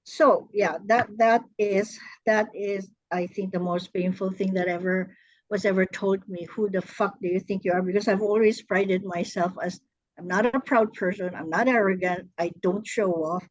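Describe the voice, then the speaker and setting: A woman earnestly recounting a painful personal story in a workshop, hesitant and halting, with frequent restarts. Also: mid-range voice, steady tone, dry recording, dull audio. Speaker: workshop participant.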